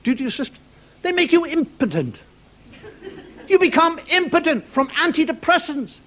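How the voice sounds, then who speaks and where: A middle-aged comedian from Ireland, with a very high voice and lively intonation at a moderate pace, does a wry, rambling stand-up set in a television studio, imitating voices and shouting at times. Studio audience laughter and noise run through the broadcast.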